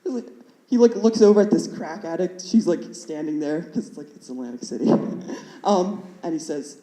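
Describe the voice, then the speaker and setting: A young woman tells a stand-up story in a rambling, fidgety way, with many "like" fillers. Her voice is mellow and dark, and it carries a roomy echo from a club stage. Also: lowish voice, normal speed. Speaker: stand-up comedian. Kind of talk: stand-up comedy set.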